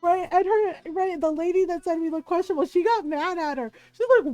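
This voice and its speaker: A woman streamer telling an animated story in casual chat, laughing often and checking in with her listeners. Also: very high voice, fairly quick, hardly any pauses, no room sound, soft background music. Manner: animated, laughs often, keeps asking "right?".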